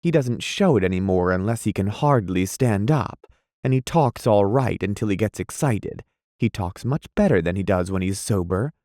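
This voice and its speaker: A man reading aloud, voicing a composed, scornful young wife in a quiet, measured way. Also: fairly low pitch, lively intonation, no echo, studio quality, natural voice. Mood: cool.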